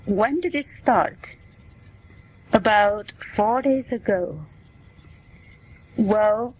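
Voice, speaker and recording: A woman's voice: mid-range voice, slightly rough, poor audio. A woman reading scripted everyday dialogues for English learners, taking every part in turn. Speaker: English listening lesson reader.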